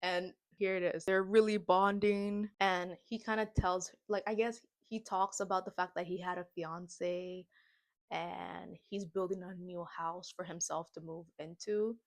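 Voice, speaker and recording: A woman's voice: lowish voice, fairly even intonation, unhurried. A young adult woman vlogging a casual movie recap and reaction, slangy and dramatic, with comic asides.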